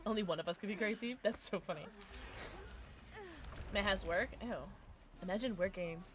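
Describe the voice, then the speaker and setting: A young woman streaming a game live, chatting excitably with her viewers and reacting to the action. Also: medium pitch, moderate pace, background noise. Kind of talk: casual gaming livestream chat.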